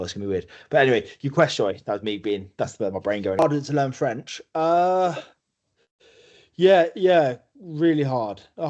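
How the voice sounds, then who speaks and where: A man's voice: mid-range voice, darkish tone, highs cut off. A man from England, a guest on a sports podcast, telling stories casually with many restarts and acted-out quotes. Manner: storytelling with many restarts, acting out quoted voices. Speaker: guest, rugby player.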